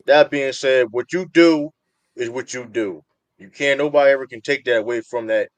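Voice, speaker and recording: A man arguing basketball in a dry studio sound. He talks over others, repeating phrases to hold the floor in a heated debate. His voice sits at a middle pitch, with no room echo around it. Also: normal speed. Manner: interrupts, repeats himself. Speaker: podcast host.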